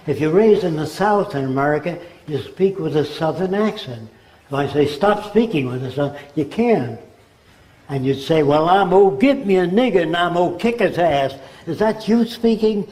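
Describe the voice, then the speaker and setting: An older man gives a rambling lecture and slips into accents to make his points. His voice sits fairly high with a soft, mellow tone, and the room echoes. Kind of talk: informal lecture.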